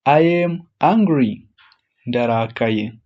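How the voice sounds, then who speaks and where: A language teacher runs a phrase drill, saying each English phrase twice, slowly and deliberately, then translating it. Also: medium pitch, animated, darkish tone, highs cut off.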